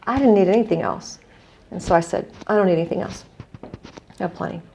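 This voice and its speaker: A middle-aged woman from the United States tells a heartfelt story as a guest, reflective and earnest. Her voice is deeply gravelly with a mellow, dark tone. Faint noise hums underneath. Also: quick pace. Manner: earnest, reflective storyteller, quoting others in dialogue. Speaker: guest, non-profit executive director. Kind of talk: conversational storytelling.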